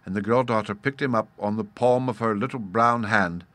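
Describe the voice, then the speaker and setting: A man narrating a children's storybook audiobook in a measured way. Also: on the low side, fairly bright tone, dry recording.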